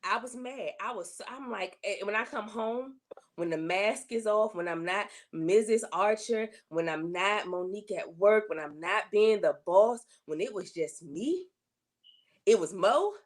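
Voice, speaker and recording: A woman's voice: animated, measured pace. Woman guest, faith testimony, earnest, emotional, repeats herself for emphasis. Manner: earnest, emotional storytelling with repetition; rises in pitch when voicing her complaints to God. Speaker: interview guest.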